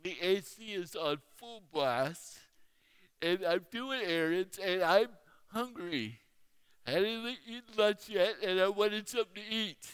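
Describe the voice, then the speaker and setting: A man telling a story in a sermon, with speech that is hard to understand, slow and deliberate with pauses. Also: sits high, fairly bright tone, clear, resonant tone.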